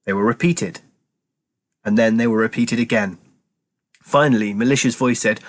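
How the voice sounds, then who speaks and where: A man's voice: mid-range voice, moderate pace. A man narrating a children's chapter book aloud as a teacher, telling the story expressively.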